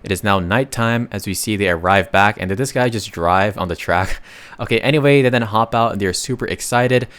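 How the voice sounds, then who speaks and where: A man narrating a comic recap in a casual, chatty way, with sudden loud bursts and slangy asides. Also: on the low side, brisk, clear, resonant tone.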